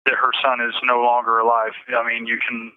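A man giving a halting personal account in an interview, often repeating himself and restarting sentences. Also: mid-range voice, completely flat delivery, no room sound. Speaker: interview guest. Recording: tinny phone line.

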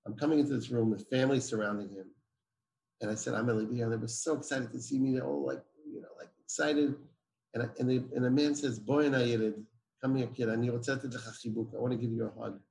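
Gravelly man telling a story. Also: mid-range voice, steady tone, fast talker, a little mellow, a little hiss or hum. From Israel. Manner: emphatic, acts out dialogue. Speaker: guest. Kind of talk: personal storytelling. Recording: roomy echo.

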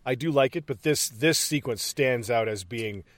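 Excitable man swearing through a film recap. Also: mid-range voice, moderate pace, no room sound. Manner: excited, profane, acts out lines. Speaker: podcast co-host. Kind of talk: casual movie discussion.

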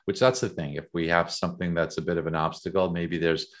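A man speaking as an interview guest, reflective and measured, often pausing with fillers. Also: low-pitched, little pitch movement. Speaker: guest, author. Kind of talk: conversational interview.

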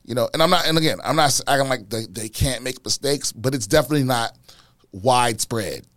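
A man's voice: medium pitch, fairly quick, no echo. Comedian dude on his podcast, swears a lot, gets fired up, dead dry room sound. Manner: profane, animated, repeats words when worked up. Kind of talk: casual podcast rant.

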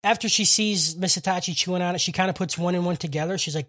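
A man's voice: sits high, a bit bright. Profane young man recapping a show. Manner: profane, fast storytelling, laughs often. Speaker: podcast co-host. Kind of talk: casual chat recapping an anime.

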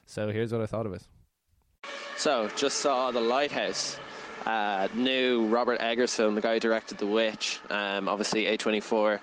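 A man's voice: lowish voice, fairly even intonation, moderate pace, background noise. A man, co-hosting a casual film review podcast and rambling through his thoughts with lots of fillers. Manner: rambling, full of "like" fillers, laughs often.

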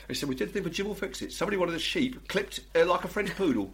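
A man's voice: high voice, expressive, racing, hardly any pauses, heavy background noise. A man who broadcasts for a living tells a comic anecdote on a chat show. He laughs often and acts out the lines of the people in his story.

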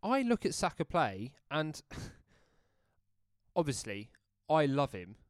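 A man's voice: on the high side, wildly swooping pitch, slow, dry recording, studio quality. A man co-hosting a podcast, talking football emphatically and often repeating himself as he builds a point. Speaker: podcast co-host. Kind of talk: casual football banter.

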